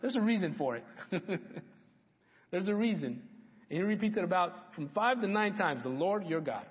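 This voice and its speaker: A man's voice: high-pitched, lively intonation, measured pace, long reverb tail, dull audio. A man preaching a sermon, emphatic, repeating key phrases for weight. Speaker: pastor.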